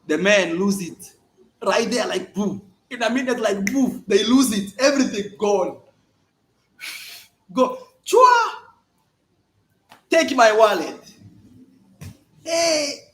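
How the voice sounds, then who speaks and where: A man's voice: high voice, takes it slowly, long pauses. A man vlogging at home, telling a story emphatically and repeating words for effect. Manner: animated, emphatic storytelling with repetitions. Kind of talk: casual vlog monologue. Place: at home, indoors.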